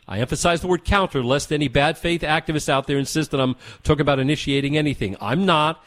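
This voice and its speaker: A man's voice: on the high side, quick pace, few pauses, fairly bright tone, dry recording. Emphatic male talk radio host, dry sound. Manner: emphatic, rhetorical, punchy repetition. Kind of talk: opinionated talk radio commentary.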